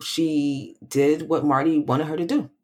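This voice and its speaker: A woman recapping and analyzing a film in casual chat, measured and explanatory. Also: low-pitched, steady tone.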